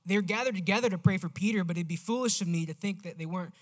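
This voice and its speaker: A man preaching a sermon in a casual, animated storytelling manner. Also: sits high, fast talker.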